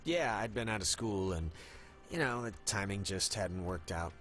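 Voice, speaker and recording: An actor playing a quiet, easygoing teenage boy in a video game, giving short relaxed replies. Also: fairly low pitch, normal speed, soft background music.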